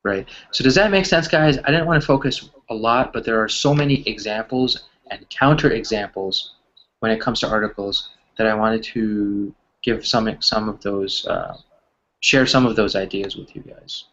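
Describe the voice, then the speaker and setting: A man's voice: lowish voice, normal speed, a bit bright. A man teaching an English grammar class over a video call, explaining patiently and asking "right?" after almost every point. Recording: slightly dull video call audio.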